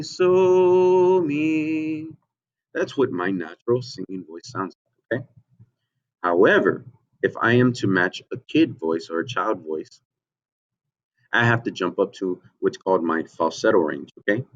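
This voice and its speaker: A man teaching a children's music lesson online, patient and slow, often checking in with "okay?" and switching into a high falsetto to sing. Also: lo-fi sound.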